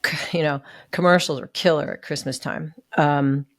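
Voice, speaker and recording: At a steady tone and normal speed, a woman with a low voice opens up as a podcast guest about a hard personal story, recorded at studio quality without echo. She speaks earnestly and emotionally, acting out others' lines.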